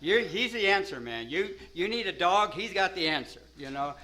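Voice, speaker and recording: A man's voice: high voice, animated, normal speed, bright, forceful tone, rough recording. A man telling a rambling first-person story, peppering it with "you know" and "man" and laughing at himself.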